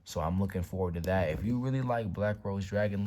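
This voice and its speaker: Deep-voiced dude chilling at home showing off his cards, slangy, swears a bit, whispers sometimes. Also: brisk, a little mellow. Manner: laid-back slangy talk, swears, drops to whispers over cards. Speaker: YouTube card-collection host. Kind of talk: casual collection showcase vlog. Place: room at home by a window.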